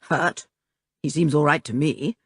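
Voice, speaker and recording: Woman reading storybook father, gruff, hot-tempered, impatient, breathy, dry sound. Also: low-pitched, measured pace, no room sound, exaggerated voice. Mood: irritated. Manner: irritable, impatient.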